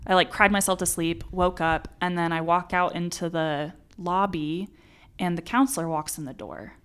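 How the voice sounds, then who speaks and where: A woman's voice: on the low side, fairly even intonation, moderate pace, fairly bright tone, clear, resonant tone. A young woman in her twenties, a podcast guest telling a personal story in an earnest, emotional way. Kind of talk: casual podcast conversation.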